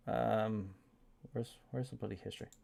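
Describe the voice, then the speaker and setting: A man's voice: lowish voice, gravelly, dark tone. A man streaming a game, talking candidly and emotionally, with casual swearing. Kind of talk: casual live-stream commentary. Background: game music.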